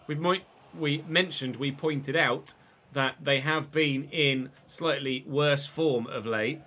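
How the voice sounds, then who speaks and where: Excitable man with a bright voice. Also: fairly high pitch, slow, few pauses. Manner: excitable, swears freely, talks to chat. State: unwell, coughing. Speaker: game streamer. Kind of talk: live gameplay commentary and casual chat.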